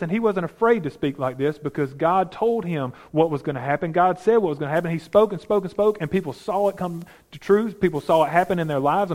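A man's voice: high-pitched, darkish tone. Man preaching with emphatic questions. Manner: conversational, emphatic rhetorical questions. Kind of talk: sermon with scripture reading.

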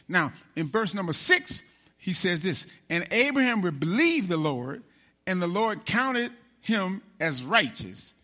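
A man preaching a sermon as pastor, animated, calling out to the congregation and acting out biblical figures. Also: high voice, unhurried. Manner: animated preaching with call-and-response; acts out biblical figures in quoted speech.

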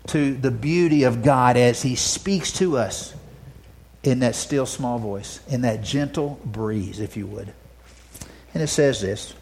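A male pastor preaching a sermon. He moves from loud, emphatic declarations to soft, hushed asides and often repeats words as he restarts phrases. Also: mid-range voice.

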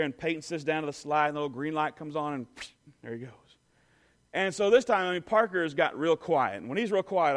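A man telling an animated personal story to an audience, full of "you know" and "I mean". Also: a little high.

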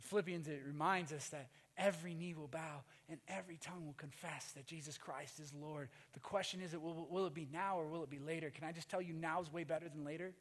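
High-voiced pastor preaching in a hall. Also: male voice, steady tone, fast, few pauses. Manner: swings from loud emphatic to hushed, sings briefly. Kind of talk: sermon. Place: church.

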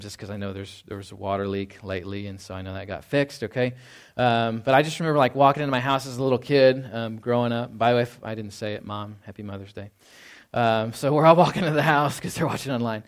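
A middle-aged man from Texas preaching a sermon in a conversational way, often asking "right?" and acting out quoted lines in a low, quiet voice. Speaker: pastor.

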